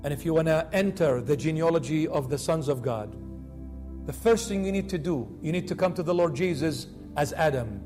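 High-voiced preacher with faint music. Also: male voice, lively intonation, moderate pace. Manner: impassioned, rising and dropping to hushed pleading. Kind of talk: sermon.

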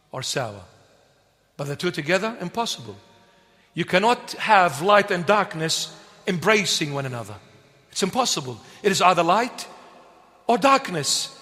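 A man's voice: high voice, sharp tone. A man preaching a sermon, emphatic and repetitive, posing questions and answering them himself. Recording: long hall reverb.

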